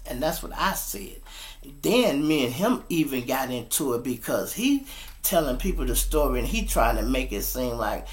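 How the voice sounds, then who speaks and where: A man casually telling a story to his listeners, animated and profane, often calling them y'all, speaking at his computer setup. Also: medium pitch, moderate pace.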